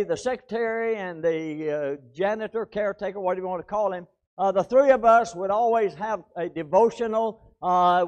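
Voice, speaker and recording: High-voiced male preacher, dramatic delivery. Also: lo-fi sound. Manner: dramatic, swings between loud emphasis and hushed drops; repeats words and phrases, addresses "ladies and gentlemen". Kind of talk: sermon.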